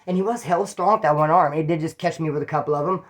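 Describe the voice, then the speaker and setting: A man telling stories straight to the viewer in a blunt, profane, casual way. He talks at a quick clip and slips into other people's voices when he quotes them. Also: on the high side. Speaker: former prisoner telling stories. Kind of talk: casual storytelling to camera.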